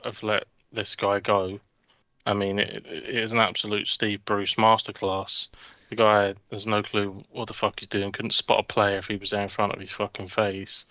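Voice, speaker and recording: A man's voice: on the low side, sharp tone, dry recording, highs cut off. A man co-hosting a football podcast, casual, rambling and mocking, with frequent swearing. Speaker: podcast co-host.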